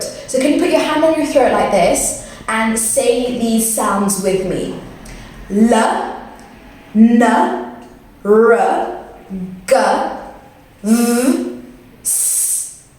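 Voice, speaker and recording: A young British woman teaching English pronunciation, with slow, patient, encouraging drills. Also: on the high side, a little mellow. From Britain. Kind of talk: pronunciation lesson. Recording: very echoey room, mic far off, faint noise.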